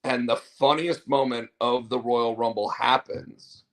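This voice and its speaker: A man's voice: medium pitch, steady tone, measured pace. A man hosting a show, chatting casually in a rambling, opinionated way. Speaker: show host. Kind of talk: casual wrestling chat.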